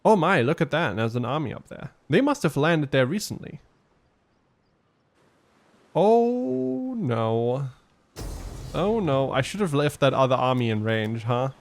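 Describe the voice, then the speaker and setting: A man's voice: medium pitch, expressive, a little fast, hardly any pauses. A man giving casual gameplay commentary as a let's play host, thinking aloud and explaining his tactics with frequent ums.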